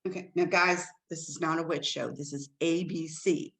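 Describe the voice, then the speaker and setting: A woman co-hosting a casual chat show, telling stories in an animated way with big jumps in pitch. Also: moderate pace, low-quality recording. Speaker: co-host.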